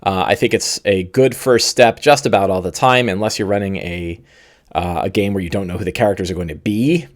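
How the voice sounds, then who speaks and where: Casual stream host, a slightly hoarse man with a lowish voice, loosely thinking aloud with many fillers. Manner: rambling, with many fillers and pauses. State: slightly losing his voice. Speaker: game master and channel host. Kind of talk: live-streamed game prep talk.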